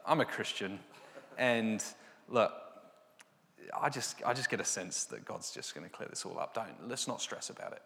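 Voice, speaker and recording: A man's voice: lowish voice, lively intonation, moderate pace, creaky, a bit bright, a little hiss or hum. A man giving a personal Christian testimony, storytelling and acting out the dialogue. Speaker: Christian speaker sharing testimony. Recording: long hall reverb.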